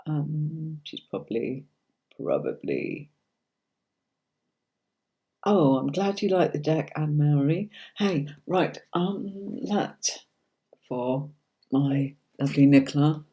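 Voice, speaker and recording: A woman's voice: sits low, sing-song, slow, pauses often, dark tone, dull audio. Chatty woman tarot reader. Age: middle-aged. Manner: chatty, calls viewers darling and sweetie; reads out viewer comments and answers them by name. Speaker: tarot reader hosting a livestream. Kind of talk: casual livestream tarot reading.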